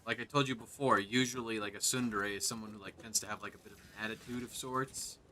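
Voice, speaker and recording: A man's voice: lowish voice, steady tone, fast talker, pushed and bright, slight background noise. A man co-streaming in casual chat, easygoing and teasing.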